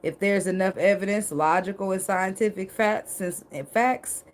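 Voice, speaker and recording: A woman's voice: medium pitch, moderate pace, a little hiss or hum. A woman doing a casual tarot reading, chatty and joking, with casual swearing. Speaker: tarot reader.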